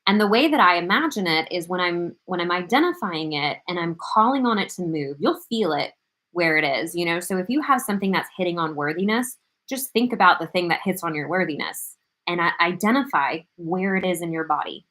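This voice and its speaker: A woman with a slightly low voice hosts a live question-and-answer show as a spiritual coach. She talks in an earnest, heartfelt way, often pausing on filler words as she explains. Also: animated, a bit bright.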